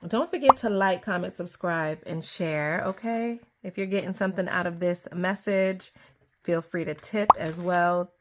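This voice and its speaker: Excitable woman giving a tarot reading. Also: lowish voice, a little slow, very noisy. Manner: excitable, laughs often, chatty. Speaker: tarot reader. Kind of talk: casual tarot reading to camera.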